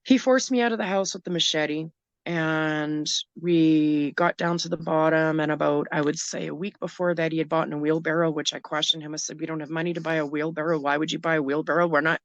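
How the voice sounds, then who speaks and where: Low-voiced woman telling a harrowing story. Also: fairly even intonation, no room sound, lo-fi sound. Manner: emotional, halting, with restarts. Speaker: guest. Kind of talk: personal story in a podcast interview.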